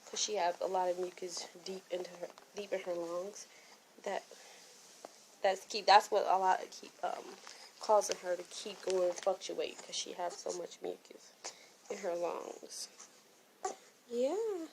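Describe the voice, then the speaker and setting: A woman's voice: on the low side, measured pace, low-quality recording. A young woman vlogging from a hospital room, with loose, rambling talk full of ums and likes. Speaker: mother vlogging her baby's hospital stay. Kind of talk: casual vlog chat. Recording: loud steady rain-sound noise. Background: loud rain sounds from a sound machine.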